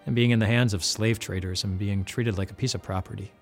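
A man's voice: on the low side, fairly even intonation, fairly quick, soft background music. A man giving an earnest devotional retelling of a Bible story, often repeating words as he goes.

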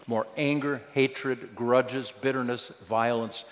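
A man's voice: mid-range voice, steady tone, slow, big-room sound. A male pastor preaching a sermon, earnest and full of rhetorical questions.

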